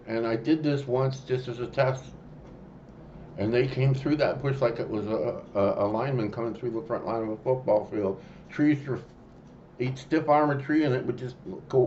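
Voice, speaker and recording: A man telling a personal story in a rambling, halting way, full of fillers and restarts. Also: medium pitch, a little mellow, lo-fi sound, a little hiss or hum. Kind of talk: casual spoken storytelling.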